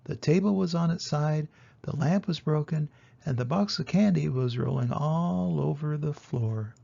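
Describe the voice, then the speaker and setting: An older man reading a children's story aloud, gentle and expressive. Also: on the high side, unhurried, creaky. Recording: dull lo-fi recording.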